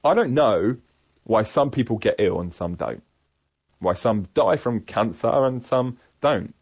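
A man giving a sermon-style Bible teaching in an earnest, measured, reflective way. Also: on the low side, animated, darkish tone, breathy edge, no room sound. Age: adult parent. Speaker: preacher.

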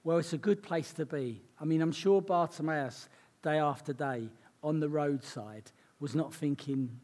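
A male preacher delivers his sermon with a hoarse, croaky voice. He sits a little high in pitch and talks earnestly, dropping in conversational asides. The husky edge never leaves his speech. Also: a little slow, a little mellow.

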